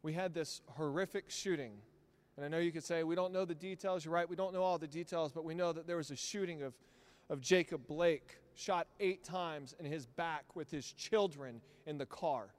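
A man preaches to his congregation in a church sanctuary. His voice sits a little high, and his sermon swings between quiet, slowed storytelling and loud, emphatic bursts. He talks like a pastor leading his own church.

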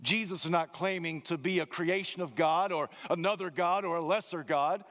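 A man preaching a sermon, emphatic and dramatic, swinging his pitch and slowing down on key words. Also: fairly bright tone. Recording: long hall reverb.

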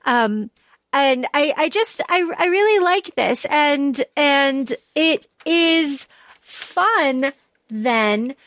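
High pitched woman rambling about a book on a podcast, lots of "like", dry sound. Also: extremely slow, no echo. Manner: chatty, many fillers, animated retelling. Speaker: podcast co-host. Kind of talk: casual book discussion.

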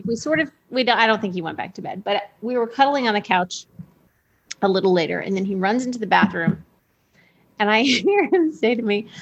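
A woman guest on a chat show, telling family stories in a lively way and laughing often, a little tipsy. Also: a little high. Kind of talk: casual chat, storytelling.

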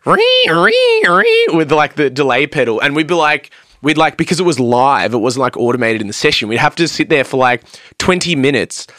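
Brisk and fairly bright, a man of medium pitch talks with no echo around him. He's a vocalist and producer guesting on a podcast, rambling casually through studio tales, peppering them with "like" and acting out what people said.

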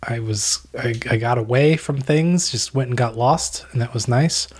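A man's voice: medium pitch, normal speed, slightly rough. Dry, rambling man on a podcast. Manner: dry, rambling, deadpan jokes. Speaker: podcast co-host. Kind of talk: casual chat.

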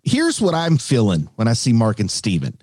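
A man in a casual podcast chat, calmly explaining his own reading of a show. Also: mid-range voice, moderate pace, breathy edge, dry recording.

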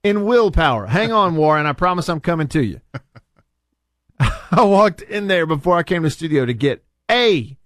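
A man hosting a talk radio show, voice leaping up and down as he rants. His pitch sits a bit high for a man. The studio sound is dry and close. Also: normal speed, no room sound. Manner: animated, rants with big pitch jumps. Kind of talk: casual talk radio banter.

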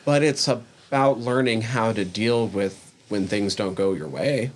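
Brief: male podcast co-host, low-pitched voice, relaxed and analytical in casual chat. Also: measured pace.

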